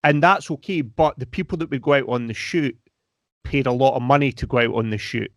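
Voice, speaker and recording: A Scottish man co-hosting a casual chat, wry and quick to joke and laugh. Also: medium pitch, dry recording, clean studio sound. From Scotland. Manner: wry, joking asides, laughs easily.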